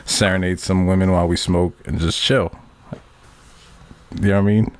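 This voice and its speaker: A man's voice: sits low, fairly even intonation, moderate pace, a little mellow, dry recording. A man co-hosting a podcast, chatting casually in a laid-back, rambling way and laughing often. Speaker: podcast co-host. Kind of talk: casual chat. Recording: noisy background.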